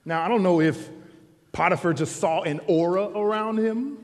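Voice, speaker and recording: High-voiced preacher man in a church hall. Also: normal speed. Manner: casual, animated storytelling preacher. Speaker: pastor. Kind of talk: sermon. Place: church sanctuary.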